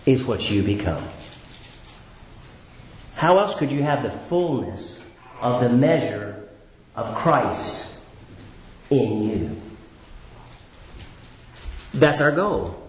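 A man preaches a sermon in a fairly high, lively voice, asking his listeners questions and answering them himself. He swings from raised, emphatic phrases to low, drawn-out words. The recording is echoey and dull, as if taken from a church hall.

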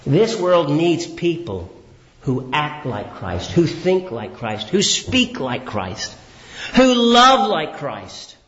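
Emphatic preacher man, roomy and dull. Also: very animated. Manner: asks the congregation questions and answers them himself; swings between raised emphatic phrases and low drawn-out words. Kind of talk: sermon. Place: church hall. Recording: echoey, dull church hall recording.

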